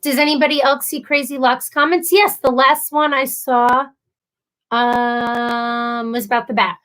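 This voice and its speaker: A woman's voice: sits high, flat delivery, measured pace, fairly bright tone. Chatty woman hosting a live stream. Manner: chatty, sympathetic, with playful asides. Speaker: livestream host. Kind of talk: casual live-stream chat reading comments.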